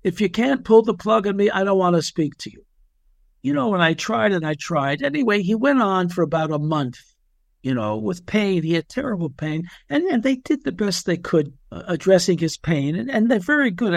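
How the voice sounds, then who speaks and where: A middle-aged man who works as an ethicist, telling stories in a measured, conversational way and sometimes stumbling on his words. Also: sits high, dry recording, studio quality. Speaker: ethicist and physician doing assessments. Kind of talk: conversational storytelling.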